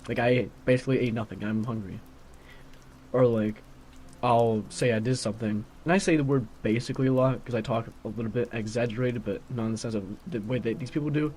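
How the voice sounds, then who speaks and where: A man's voice: medium pitch, a little mellow, slight background noise. A teenage young man rambling casually in a solo monologue, grumbling and peppering his talk with "like.". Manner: grumbling, filler-heavy with constant "like". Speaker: vlogger.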